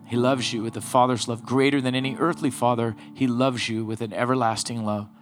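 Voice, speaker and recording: A man's voice: mid-range voice, level tone, fairly quick, soft background music. A middle-aged man preaching as a pastor, earnest and pleading, often repeating his words while leading a congregation in prayer. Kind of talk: sermon with altar prayer.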